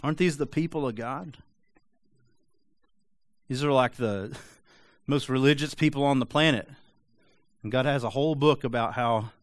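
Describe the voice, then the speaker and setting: A man preaching a sermon in a conversational, animated way with frequent rhetorical asides. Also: mid-range voice, no room sound. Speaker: pastor.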